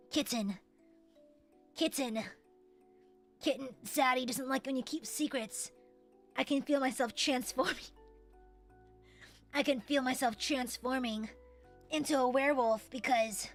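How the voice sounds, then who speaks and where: A woman voicing a flirty, deep-voiced "zaddy" man who growls and claims to be turning into a werewolf, teasing and drawn-out. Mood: mock angry.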